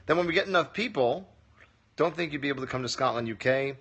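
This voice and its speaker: A man's voice: a little high, animated, brisk, a bit bright, slightly rough. Wry man answering livestream comments. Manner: wry, joking, reads comments aloud and answers. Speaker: comedy teacher answering viewer questions. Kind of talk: casual livestream Q&A. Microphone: phone livestream.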